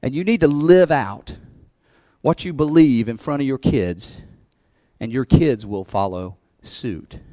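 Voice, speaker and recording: A man's voice: mid-range voice, lively intonation, a little slow, mellow, dry recording. A man preaching as pastor of his church, talking conversationally and laughing between points, building to emphatic peaks. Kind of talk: sermon.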